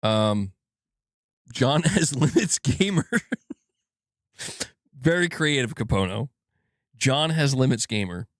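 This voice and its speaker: A man's voice: mid-range voice, lively intonation, slow pace, long pauses, no echo. A man streaming casually, joking around, swearing freely and laughing at his own jokes. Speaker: gaming news streamer. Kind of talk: casual live-stream chat.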